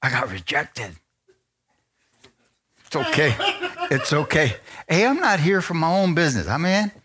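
A male pastor preaches in an easy, conversational way at a middle pitch. He keeps asking the congregation to answer him with an amen. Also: gravelly, fairly bright tone, slightly rough. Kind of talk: sermon.

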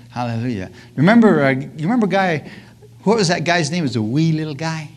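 This preacher's voice sits on the high side, and he moves at a fairly quick clip through his sermon. Hallelujahs, amens and laughter come often, along with questions tossed to the congregation call-and-response style. Scripture scenes get acted out in animated voices.

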